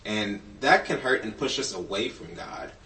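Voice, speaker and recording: A man's voice: fairly low pitch, animated, moderate pace, sharp tone, recorded from a distance. A man giving a children's sermon in a church, telling stories playfully with a puppet and joking along the way. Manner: jokey asides. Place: church sanctuary. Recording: roomy, from off-mic.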